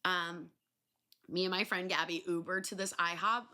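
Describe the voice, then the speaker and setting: A young adult woman hosting a podcast, telling stories in a loose, animated way, swearing freely and filling pauses with ums and likes. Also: fairly low pitch. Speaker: podcast host. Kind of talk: casual solo storytelling.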